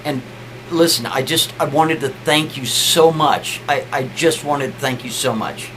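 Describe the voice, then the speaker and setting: A man's voice: mid-range voice, a little slow, a bit bright, slight background noise, natural voice, poor audio. A man voicing a grateful husband who stammers out his thanks over and over. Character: grateful, flustered middle-aged husband. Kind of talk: storytelling.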